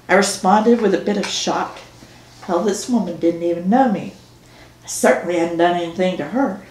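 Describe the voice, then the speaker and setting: A woman's voice: lowish voice, moderate pace, darkish tone. A woman author reading her own novel aloud in first person, with dry storytelling. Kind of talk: audiobook narration. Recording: roomy echo.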